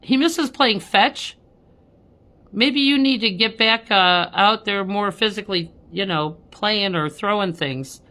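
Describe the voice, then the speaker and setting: Woman, spiritual medium, casual live-stream talk, medium pitch, laughs a lot, keeps saying okay. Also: slow, bright, forceful tone. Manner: chatty, laughing, says "okay?" constantly. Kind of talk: live-stream reading to viewers.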